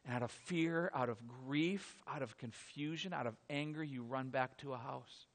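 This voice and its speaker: A man preaching a sermon, retelling a story in a dramatic style that swings from hushed to loud. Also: medium pitch, moderate pace. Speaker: pastor.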